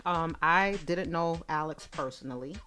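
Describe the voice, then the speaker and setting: A woman's voice: deep voice, moderate pace, bright, forceful tone, faint music behind. A woman co-hosting a podcast in casual chat, playful and slangy, who laughs often. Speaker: podcast co-host.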